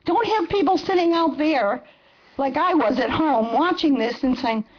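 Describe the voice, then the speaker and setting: A woman's voice: sits high, animated, normal speed. A woman in her seventies giving an angry, impassioned public comment at a council meeting. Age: 70s. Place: council chamber. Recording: dull lo-fi meeting recording.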